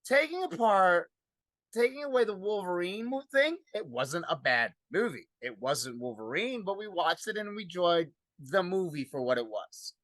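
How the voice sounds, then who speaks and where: A man's voice: high voice, very animated, moderate pace, a bit bright, dry recording. A man with a Brooklyn accent hosting a casual podcast chat, rambling and repeating himself. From Brooklyn, New York. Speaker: podcast host.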